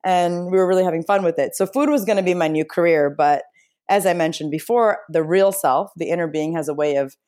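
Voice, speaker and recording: A woman telling a personal story as an interview guest, chatty and expressive, with frequent fillers and restarts. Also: lowish voice, a little fast. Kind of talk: casual storytelling in a conversation.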